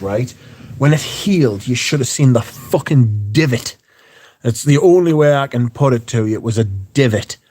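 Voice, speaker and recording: A man's voice: mid-range voice, darkish tone. A man hosting a livestream, chatting casually with viewers and telling rambling anecdotes full of swearing and filler words. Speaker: livestream host.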